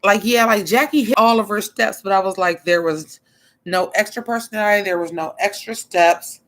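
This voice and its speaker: A woman streaming her take on a drag show, blunt and expressive, cursing freely and answering viewers in a relaxed, chatty flow. She keeps her tone casual and outspoken throughout. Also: medium pitch, moderate pace. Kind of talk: casual livestream commentary.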